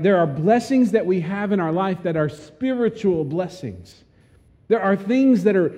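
Earnest preacher with a high, mellow voice. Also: male voice, in a large hall. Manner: earnest, repeats key phrases for emphasis. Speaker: pastor. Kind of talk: sermon.

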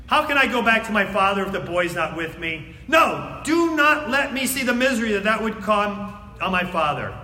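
Male pastor, high bright voice, preaching in a reverberant church hall, dramatic swings from loud to hushed. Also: very animated, moderate pace. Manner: swings between loud emphatic reading and hushed near-whispers. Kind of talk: sermon with scripture reading. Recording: echoey hall.

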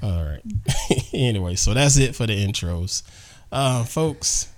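A man's voice: medium pitch, very animated, takes it slowly. A man hosting a casual podcast, laid-back and teasing as he chats. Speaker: podcast host.

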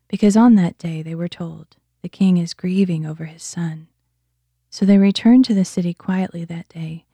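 A woman reading scripture aloud in a steady, expressive way, lifting her voice for quoted speech. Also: fairly low pitch, slightly rough, dry recording. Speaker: Bible reader.

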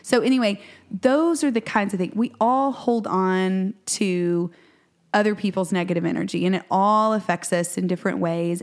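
A woman in her forties telling a story in casual chat as a podcast co-host, acting out quotes with lively jumps in pitch.

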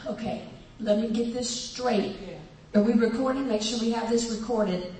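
A woman pastor delivers a sermon, acting out the voices in her story and laughing as she goes. Her voice sits a little high, and it reaches the mic from across a very echoey hall. A faint ambient hum carries underneath. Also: moderate pace, far from the mic. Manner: animated storytelling preacher, acts out voices, laughs often. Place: church hall with a congregation.

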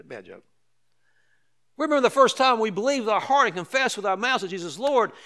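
A man's voice: sits high, bright, forceful tone. An older man preaching a sermon as pastor, conversational with emphatic repetitions and light asides to the congregation.

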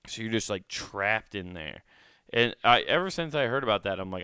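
A man's voice: fairly low pitch, lively intonation, fairly quick, bright, forceful tone, clear, resonant tone, no room sound. A man hosting a solo podcast, talking close to a microphone in a rambling, joking way and swearing freely. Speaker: podcast host. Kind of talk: casual solo podcast chat. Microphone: close studio microphone.

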